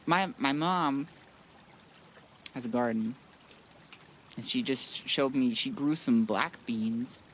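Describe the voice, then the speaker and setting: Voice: mid-range voice, slow, pauses often, a bit bright, slight background noise. A streamer from the United States chatting loosely and swearing while playing a game, answering chat as they go. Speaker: gaming streamer. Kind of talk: casual live-stream chat.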